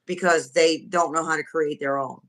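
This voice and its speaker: A woman's voice: low-pitched, steady tone, moderate pace. A woman joining a casual livestream chat by video call, speaking frankly and openly with frequent restarts. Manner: candid, frank, restarts often. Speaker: guest.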